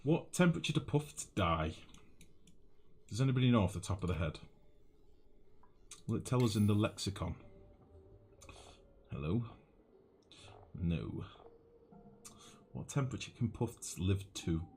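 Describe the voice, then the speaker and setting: A man's voice: fairly low pitch, very animated, measured pace, pauses often, a little mellow, a little hiss or hum. A young northern English man live-streaming a game, thinking aloud and chatting casually with viewers, calling them mate. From northwest England. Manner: thinks aloud, chats with chat, calls people mate.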